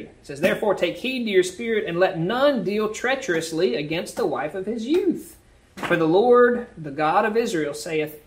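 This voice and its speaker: Man teaching a Bible study. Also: fairly high pitch. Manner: reads scripture aloud, then explains it in plain casual words.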